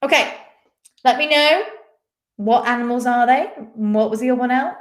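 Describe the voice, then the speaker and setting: A woman's voice: fairly high pitch, moderate pace. A woman hosting a live-stream quiz, chatting casually and reading out viewers' names and answers. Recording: echoey room.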